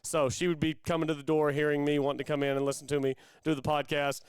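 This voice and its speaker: A man's voice: on the high side, flat delivery, fast talker, clear, resonant tone, no echo. A man, co-hosting a sports podcast from a playroom at home over a call, easygoing and chatty. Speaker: podcast co-host. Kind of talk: casual sports podcast chat. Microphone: remote call.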